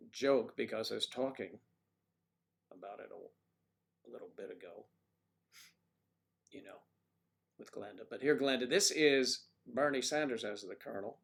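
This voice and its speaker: This man's voice sits at medium pitch and sounds gravelly. He hosts a casual livestream, responding to viewer comments as he rambles folksily, and his Mid-Atlantic U.S. speech carries no marked accent.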